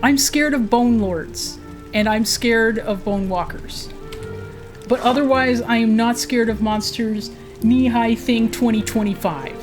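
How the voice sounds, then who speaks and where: This woman streams games with a slightly high voice and an unhurried pace. She keeps up chatty let's-play commentary for herself and her audience, yelping in surprise at enemies while game music plays behind her.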